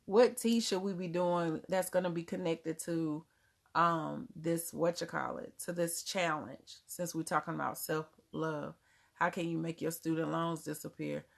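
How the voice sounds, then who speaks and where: A low-pitched woman with vocal fry talks a little slowly and steadily as she hosts a livestream, answering viewer comments in a casual chat. Though she's from Germany, her accent is Southern US; she laughs frequently and drops words in her relaxed grammar.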